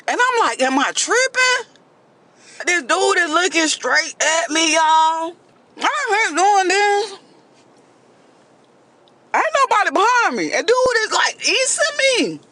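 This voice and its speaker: A woman telling a dramatic story in a casual storytime monologue, animated and keeps addressing her listeners directly. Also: very high voice, slow, no echo.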